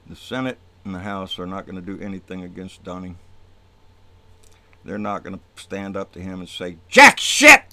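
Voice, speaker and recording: A man delivering an angry, profane political rant on his own channel, swinging from low muttering to loud outbursts. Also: steady tone, moderate pace. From Texas. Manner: profane, fired-up, swings between muttering and shouting. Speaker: political vlogger.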